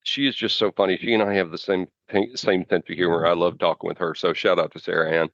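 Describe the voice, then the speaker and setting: Deep-voiced man rambling with fillers. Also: fairly even intonation, a bit bright, no room sound, highs cut off. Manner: rambling, halting with many fillers and restarts. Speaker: podcast co-host. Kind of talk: casual chat.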